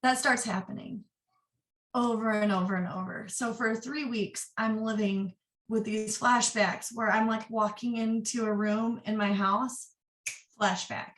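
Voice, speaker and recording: A woman's voice: fairly high pitch, steady tone, fairly bright tone. Roomy, distant young woman telling her story. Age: 20s. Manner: earnest and open, rushing in quick bursts. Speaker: interview guest. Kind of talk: candid personal storytelling. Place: office. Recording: roomy echo, distant mic.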